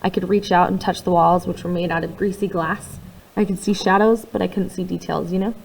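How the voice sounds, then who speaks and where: A woman narrating a first-person novel in a quiet, confiding way, with conversational asides to the listener. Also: fairly low pitch, fairly even intonation, a little fast, creaky, slight background noise, low-quality recording. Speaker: audiobook reader.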